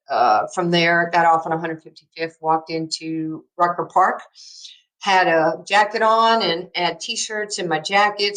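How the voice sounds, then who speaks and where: Woman in her 60s, faint New York accent, lowish voice, anecdotal interview guest. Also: rough recording. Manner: lively anecdotal storyteller with fillers. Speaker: guest, basketball coach. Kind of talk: storytelling in a podcast interview.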